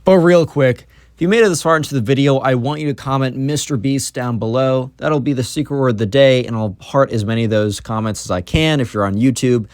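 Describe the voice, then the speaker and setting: A man's voice: medium pitch, fairly quick, a little mellow, no echo, clean studio sound. A young man narrating a story in a casual, rambling way, with lots of fillers and asides. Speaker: YouTube storyteller.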